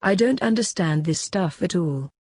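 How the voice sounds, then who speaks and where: A woman voicing a kind, polite teenage girl who is class rep, in a husky voice for an amateur audiobook. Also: on the low side, lively intonation, normal speed, dry recording. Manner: polite, gentle.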